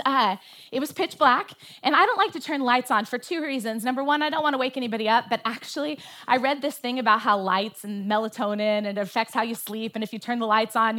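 A woman's voice: a little high, quick pace, sharp tone. A woman pastor delivering a sermon from a church stage, telling a story with animation and stressing her points with emphasis.

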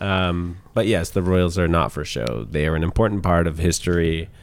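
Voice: low voice, normal speed, vocal fry, a little hiss or hum. A tabletop game player speaking in a joking, mock-pompous way. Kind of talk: casual play and banter.

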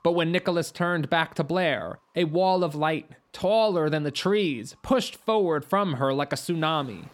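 A woman narrating a fantasy story in a steady, even reading. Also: low voice, measured pace, hardly any pauses. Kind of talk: audiobook narration.

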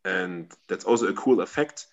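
Man, lowish voice, halting, searches for words, interview guest. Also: animated, lo-fi sound. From Germany. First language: German. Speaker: guest, metal band member. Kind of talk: casual interview answers.

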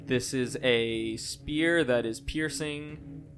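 A man running a tabletop role-playing game as game master, narrating combat in a relaxed way and often laughing with his players. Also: medium pitch, slow pace, over music.

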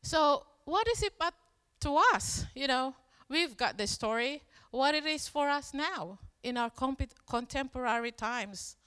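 Woman preaching, slow and chatty, kinda high voice, big echoey hall. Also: expressive, a bit bright, smooth. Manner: conversational storytelling, acts out quoted lines. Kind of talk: sermon.

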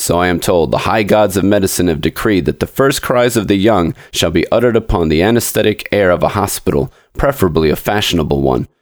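Deep-voiced man narrating a classic tale. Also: no echo, clean studio sound. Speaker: podcast storyteller. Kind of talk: scripted narration of a classic story.

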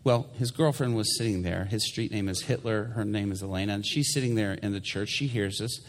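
A man's voice: on the low side, brisk, long reverb tail, slight background noise. A male pastor preaching a sermon, telling a story animatedly and acting out the people in it.

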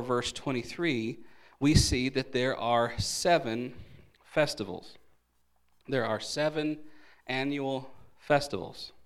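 A man preaching an evening Bible teaching, emphatic, asking questions and then answering them himself. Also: mid-range voice. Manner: emphatic, asks and answers his own questions; lively shifts between loud stresses and soft asides. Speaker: pastor.

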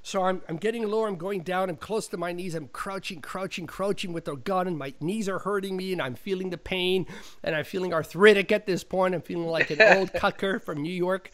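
A man's voice: high-pitched, a little fast. A man tells a story in an easy, chatty way and acts out each exchange. His voice sits a little above the usual range for a man. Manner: animated storyteller, acts out dialogue. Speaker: actor telling a story. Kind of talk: casual chat.

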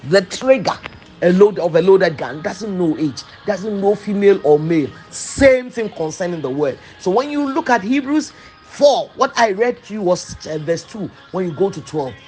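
A man preaching a sermon, slow and emphatic, repeating phrases for weight. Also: sits high, lively intonation, a little mellow, faint music behind, low-quality recording.

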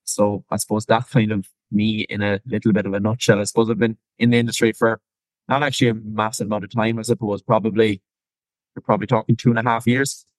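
Young irish guy on a video call, lowish voice, dry sound, lots of "like" and "I suppose". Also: flat delivery, dry recording, rough recording. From Ireland. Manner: quick talker with many fillers. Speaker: guest, personal trainer. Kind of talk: casual podcast chat.

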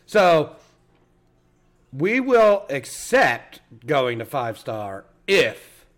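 Loud, profane man chatting and laughing. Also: on the high side, very animated, very slow. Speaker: podcast co-host. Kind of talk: casual chat.

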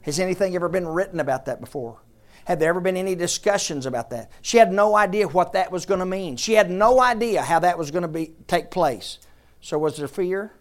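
A man's voice: high voice, expressive, brisk. A man pastor giving a conversational sermon in church, repeating his questions and drawing answers from the congregation. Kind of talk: interactive sermon.

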